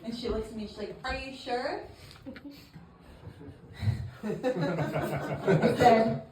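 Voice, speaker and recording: A woman's voice: on the high side, steady tone, slow pace, a little mellow. Crude woman comic in an echoey club. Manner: crude, swearing, storytelling with laughs. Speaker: stand-up comedian. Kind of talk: stand-up comedy set. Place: comedy club open mic. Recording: echoey room, far mic, noisy.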